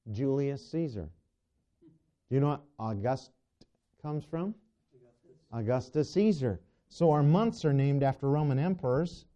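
Dark-voiced male preacher, dull recording. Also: mid-range voice. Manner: asks the congregation rhetorical questions, stumbles and restarts. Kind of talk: sermon.

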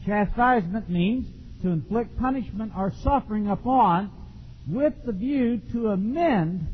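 Animated folksy preacher man in a hall. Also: high-pitched, unhurried, slight background noise. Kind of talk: sermon. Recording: dull lo-fi recording in a long-reverb hall.

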